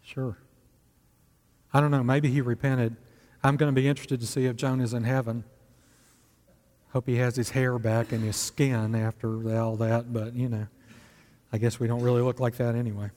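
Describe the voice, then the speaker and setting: A male pastor delivers a sermon in a relaxed, conversational manner and keeps putting rhetorical questions to his listeners. His voice sits at an ordinary middle pitch. A long hall reverb trails after each phrase in the church sanctuary. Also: normal speed, long pauses.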